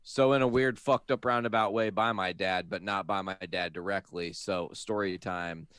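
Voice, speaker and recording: A man co-hosting a podcast, telling a story in casual chat and getting loud and excited when he is worked up. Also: deep voice, normal speed, clean tone, dry recording, studio quality. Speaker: podcast co-host.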